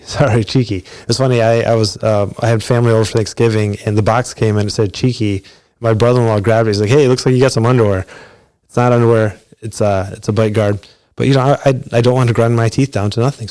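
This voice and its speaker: A middle-aged man speaks in a somewhat low register, hosting his own podcast. His delivery is loose and conversational, full of small restarts. The sound is dry and close, with no room around it. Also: a little mellow, dry recording. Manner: conversational with frequent restarts and fillers. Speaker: podcast host. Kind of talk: solo podcast monologue.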